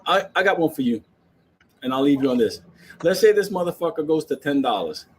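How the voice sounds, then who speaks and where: A man's voice: fairly high pitch, lively intonation, brisk, a little mellow, a little hiss or hum, poor audio. A man, ranting about the stock market to his viewers in a brash, profane, joking way, laughing often.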